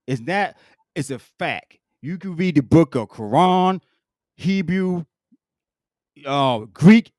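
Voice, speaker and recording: A man's voice: fairly high pitch, darkish tone, dry recording, clean studio sound. A man hosting a podcast, arguing emphatically, cutting in again and again to make his point. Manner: emphatic, keeps interrupting with repeated "listen". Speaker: podcast host. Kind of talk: heated casual debate.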